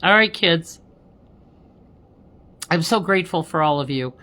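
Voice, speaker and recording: A woman's voice: fairly low pitch, animated, a little slow, bright, forceful tone. A woman working as a spiritual medium, chatting on a live stream with viewers, laughing often and ending lines with "okay?".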